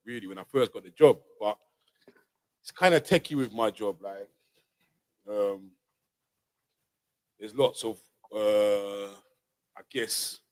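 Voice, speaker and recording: A man hosting a livestream, chatting loosely and repeating himself, his loudness rising and falling. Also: medium pitch, no room sound, poor audio. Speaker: livestream host. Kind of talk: casual livestream chat.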